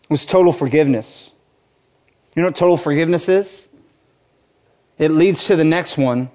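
A man in his forties preaching a sermon in a voice pitched high for a man. He delivers it with passion and climbs to emphatic, ringing peaks. He slips easily into joking asides with the congregation. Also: normal speed, mellow. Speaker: pastor.

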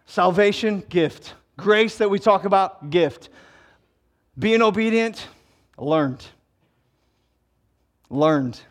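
A man preaching a sermon in a conversational, emphatic way, full of rhetorical questions. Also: fairly high pitch. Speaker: pastor.

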